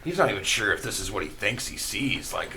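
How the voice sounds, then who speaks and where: A man's voice: on the low side, very animated, a little fast, gravelly, sharp tone, a little hiss or hum. A man playing a tabletop game who talks in an incredulous, swearing, bro-ish way. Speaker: player. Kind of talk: tabletop role-play.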